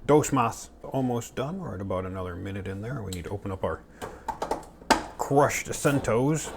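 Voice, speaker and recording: This home cook keeps up a chatty, joking monologue to himself as he demonstrates a recipe in his kitchen. His voice is lowish and gravelly, animated and moderately paced, and heavy background noise mixes with clattering pans and utensils.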